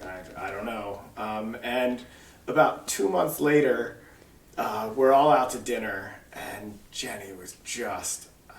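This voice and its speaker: A middle-aged man telling family stories to his mother in a relaxed, wry way. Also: medium pitch. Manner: relaxed, wry storyteller who trails off and laughs. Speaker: son interviewing his mother. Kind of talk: casual family storytelling. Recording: roomy sound from far off the mic.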